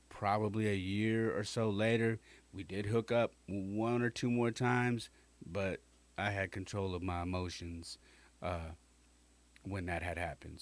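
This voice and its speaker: A male podcast host casually telling a personal story in slangy, conversational talk and acting out the people he quotes. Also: low-pitched.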